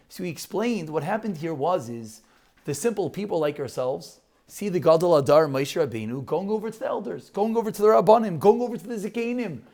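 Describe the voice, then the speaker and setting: Male rabbi, sermon style, lively storyteller, slightly high voice. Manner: animated storytelling, rhetorical questions. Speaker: rabbi giving a Torah talk. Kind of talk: sermon to a live audience.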